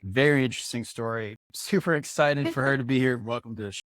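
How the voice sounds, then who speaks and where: A male podcast host opens the show and guides the talk in a relaxed, slightly awkward way, tripping over his words now and then. His voice has a middling pitch and sounds dry and close to the mic. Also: quick pace, no room sound. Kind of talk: casual interview conversation.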